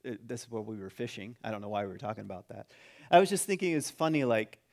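A man's voice: on the low side, sing-song, quick pace, gravelly, a little mellow. A man preaching a conversational sermon, reading a passage aloud and breaking off into jokes and asides. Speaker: pastor.

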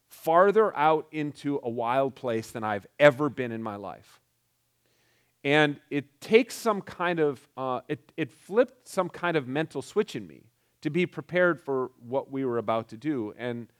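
A man's voice: medium pitch, clean tone. Middle-aged man, mid-range voice, casual storyteller who stumbles and restarts as he goes. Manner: halting, many restarts and "like" fillers.

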